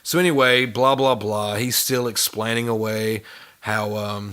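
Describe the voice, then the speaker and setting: A man's voice: fairly low pitch, bright, forceful tone. A man hosting a reaction video, giving sarcastic, profane commentary on clips. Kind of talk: mocking commentary over clips.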